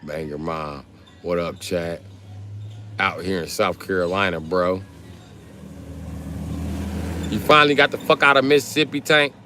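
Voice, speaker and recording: Speaking a little slowly with long pauses, this South Carolina livestreamer has a low, pushed, bright voice. He reads viewer comments and trades crude, joking banter in casual live chat. A little hiss or hum sits under the audio.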